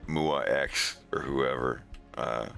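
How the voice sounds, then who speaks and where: Low, slow-talking sarcastic man. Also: creaky, pushed and bright, soft background music. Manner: rambling, sarcastic, laughs often. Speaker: streamer. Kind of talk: casual stream chat.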